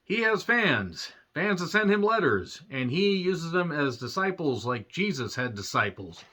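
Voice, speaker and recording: A man giving a casual, rambling film review, swearing freely and clearing his throat often. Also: a little high, very animated, a little slow, pushed and bright. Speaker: movie reviewer. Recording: dull lo-fi recording.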